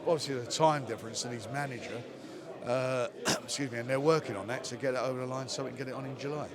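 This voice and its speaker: Speaking fast in a medium-pitched, fairly even voice, the older boxing promoter handles a post-fight interview in plain terms. He repeats phrases for emphasis while a crowd chatters behind him.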